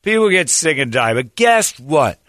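A man's voice: on the high side, big pitch swings, normal speed, a bit bright, no room sound, studio quality, pitched above the performer's own voice. A man voicing a drunk adult male fan reading out his own rambling email. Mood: boastful.

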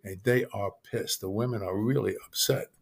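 An older man, an author, telling lively family anecdotes in a casual interview and acting out the people he quotes. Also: on the low side, normal speed, gravelly, slightly rough. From Brooklyn, New York. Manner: animated anecdote teller, acts out quoted voices, frequent restarts. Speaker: author guest.

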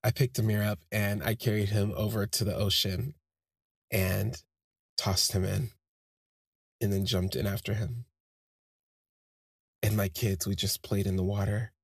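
A man's voice: fairly low pitch, little pitch movement, a little slow, long pauses, slightly rough, no echo, studio quality. A man hosting a podcast, telling a personal story in a rambling, heartfelt way with many fillers and restarts. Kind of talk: casual spoken storytelling.

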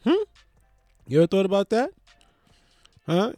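A young man giving a rambling, profane comedic monologue to camera, swinging from loud rants to low mutters. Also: very animated, moderate pace, pauses often, no echo, studio quality, soft background music. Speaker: vlogger.

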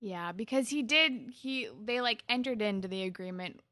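A young woman co-hosting a casual recap chat, chatty and quick to laugh. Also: fairly high pitch, bright, forceful tone, dry recording, studio quality. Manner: chatty, laughs often, lots of fillers. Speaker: podcast co-host.

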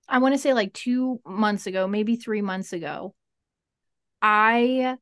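A woman as an interview guest, telling a story in a frank, animated way and swearing freely. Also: mid-range voice, dry recording, studio quality. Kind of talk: casual storytelling.

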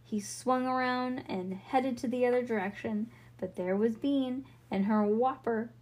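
A woman's voice: a little high, a little slow, a little mellow. A woman reading a children's book aloud in a casual way, with slips and self-corrections. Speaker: storybook reader.

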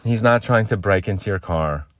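A man voicing a dismissive male campus police officer in a flat, quiet voice. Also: on the low side, moderate pace, dry recording, close to an everyday voice.

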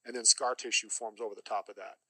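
A man's voice: lowish voice, fairly even intonation, fast talker, sharp tone, husky, poor audio. A middle-aged man giving an earnest, emphatic personal testimony as a podcast guest, often repeating phrases for weight.

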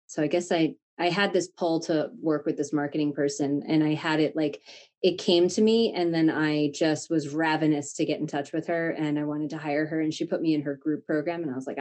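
Low-voiced candid woman coach. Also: fairly quick. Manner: candid, animated, swears freely. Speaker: guest, creative coach. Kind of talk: casual podcast conversation.

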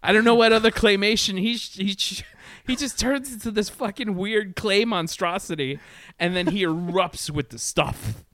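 A man's voice: high voice, normal speed, a bit bright, no room sound. Rambling, profane middle-aged man. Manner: rambling, profane, laughing often. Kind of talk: casual movie review chat.

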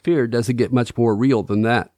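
A man's voice: medium pitch, fairly even intonation, normal speed, darkish tone, dry recording. Guy narrating a podcast, dry sarcastic little asides, very dry close sound. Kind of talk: scripted narration.

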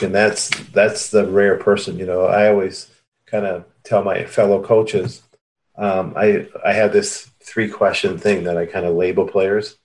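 A man, a tennis coach telling animated stories in a podcast interview and acting out the people he quotes. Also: sits low, low-quality recording.

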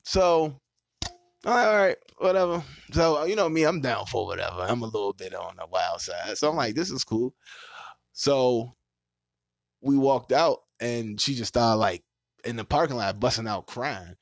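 A man hosting a podcast, telling a story in a casual, animated way and laughing often. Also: mid-range voice, moderate pace, vocal fry, no room sound, studio quality. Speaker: podcast host.

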